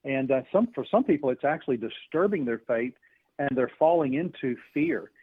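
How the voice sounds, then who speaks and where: An earnest male guest speaks through a tinny phone line, his voice a touch husky. He stumbles through restarts and fillers as he explains his points, and the sound is dry and close. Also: medium pitch, expressive, moderate pace, no echo. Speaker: author guest.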